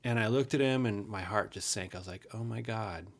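A man's voice: on the low side, quick pace. A man in his fifties telling a personal story from his youth in a frank, earnest way, with casual swearing.

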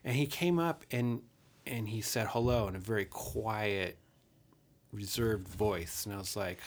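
Low, gravelly man telling his story. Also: a little slow, slight background noise. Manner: earnest, frank, swears casually. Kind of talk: candid personal storytelling.

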